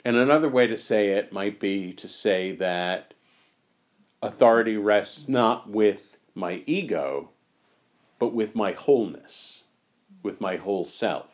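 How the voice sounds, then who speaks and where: A man leading a reflective discussion on spiritual teachings, thoughtful and unhurried, his voice going hoarse. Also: on the low side, lively intonation. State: losing his voice. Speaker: discussion leader.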